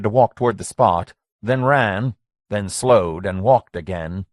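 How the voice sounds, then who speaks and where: Low-voiced male audiobook narrator. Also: a little slow, no echo, studio quality. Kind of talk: scripted narration.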